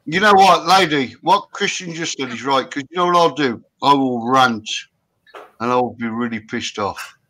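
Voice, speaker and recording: Casual man on a live stream, bright tone, loud and rambling. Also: medium pitch, moderate pace. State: tired after a sleepless night. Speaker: livestream guest. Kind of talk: casual chat.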